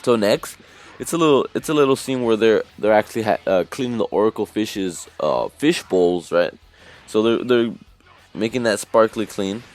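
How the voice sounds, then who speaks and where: A man casually recapping an anime episode as a reviewer, rambling with lots of fillers and restarts. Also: on the low side.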